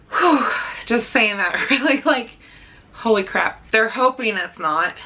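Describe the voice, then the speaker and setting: A young adult woman talking casually to her viewers in a vlog, candid and a little rambling, with pauses and nervous laughs. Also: a little high, pushed and bright. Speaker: dog-care vlogger. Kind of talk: casual vlog talk to camera.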